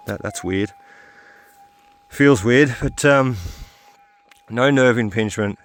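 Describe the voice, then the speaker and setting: A tired man hosting a metal detecting video, talking in a halting, rambling way full of fillers while he searches outdoors. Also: lowish voice. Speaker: metal detecting channel host. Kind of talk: rambling casual vlog talk while detecting.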